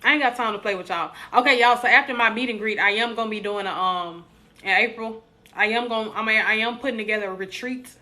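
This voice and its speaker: A young woman chats on a live stream, her voice bright and forceful and sitting a little high. She jokes with her viewers and slips into preachy encouragement. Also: fast talker. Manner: animated, preachy, joking with viewers. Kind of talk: casual live stream chat.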